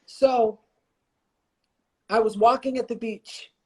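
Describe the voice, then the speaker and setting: A man's voice: very high voice, steady tone, slow pace. A man speaking as a guest on a livestreamed interview, talking with passion and repeating phrases for emphasis. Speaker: guest, motivational speaker and coach. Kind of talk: impassioned conversation on a livestream. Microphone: phone or computer mic on a livestream.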